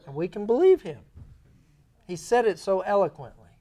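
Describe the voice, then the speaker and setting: A man giving a creation science lecture in a church, animated and sarcastic in his asides. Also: high voice, moderate pace. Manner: animated, sarcastic asides, mocking quoted voices. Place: church sanctuary.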